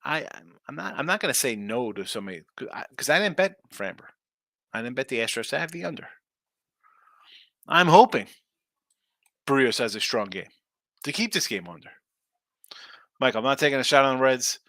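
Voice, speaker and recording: A man's voice: medium pitch, very animated, a bit bright, no echo, studio quality. A man hosting a sports betting show, chatting casually and sarcastically while reading viewer comments. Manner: brash, fast-talking, sarcastic. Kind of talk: casual live-stream talk, reading chat.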